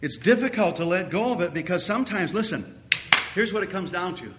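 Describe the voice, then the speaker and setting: A man preaching a sermon as pastor, earnest, repeating key phrases and sometimes rising to loud exclamations. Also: sits high, lively intonation, fairly quick, a little hiss or hum.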